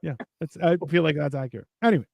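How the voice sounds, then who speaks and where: A man's voice: fairly high pitch, moderate pace, vocal fry, no room sound. A man hosting a casual talk show, telling rambling stories with plenty of swearing. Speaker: podcast host. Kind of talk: casual chat.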